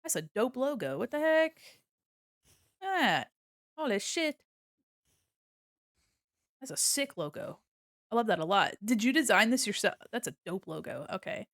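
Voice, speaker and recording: On her live drawing stream at home, a young woman talks casually into an arm-mounted desk mic, chatty and playful, rambling and drifting into hums and silly noises. She has a medium-pitched, sing-song voice, a bit bright and brisk, captured in a dry, studio-quality recording.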